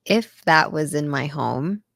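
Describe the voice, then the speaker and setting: Emphatic low-voiced young woman, dry sound. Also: expressive, slow pace, gravelly, a bit bright, dry recording. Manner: emphatic, easily spooked, dramatic. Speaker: co-host of a reaction channel. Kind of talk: casual reaction chat.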